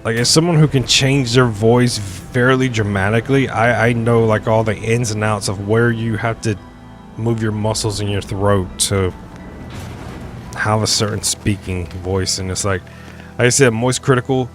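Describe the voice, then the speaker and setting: Young dude streaming a game, lowish voice, rambly and jokey, faint game music. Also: male voice, fairly even intonation, moderate pace. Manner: rambling, joking, self-interrupting. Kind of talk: casual gameplay commentary.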